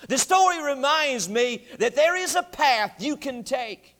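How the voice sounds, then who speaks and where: High-pitched male preacher, storytelling sermon, emphatic repetition. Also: animated, unhurried, pushed and bright. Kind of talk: evening church sermon.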